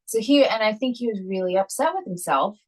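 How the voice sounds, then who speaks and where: A woman in the middle of her voice co-hosts a podcast in a relaxed, chatty way. She tells family stories with energy and acts out the quotes as she goes. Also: medium pitch, a little fast, rough recording. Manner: animated storytelling, acts out quotes. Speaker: podcast co-host. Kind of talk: casual chat.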